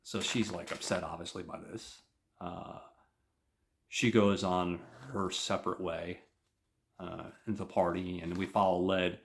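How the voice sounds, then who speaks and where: A man hosting a podcast, recapping a show in a loose, rambling way. His voice sits very low, and he keeps leaning on fillers as he retells the story in his own words. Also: little pitch movement, unhurried, slight background noise. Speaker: podcast host. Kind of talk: casual episode recap.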